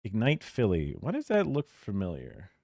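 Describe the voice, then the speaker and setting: A man's voice: lowish voice, wildly swooping pitch, normal speed, creaky, mellow, no echo, studio quality. A man hosting a live reaction stream, talking casually, opinionated, swearing and chuckling. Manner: opinionated, profane rants mixed with chuckles. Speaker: livestream host. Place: home streaming setup.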